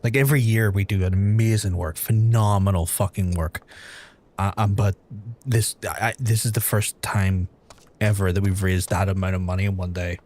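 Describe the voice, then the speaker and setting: Excitable, foul-mouthed male streamer. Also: deep voice, moderate pace. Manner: excitable, profane, stammering repeats. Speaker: livestreamer. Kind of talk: casual live-stream chat. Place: indoors at home.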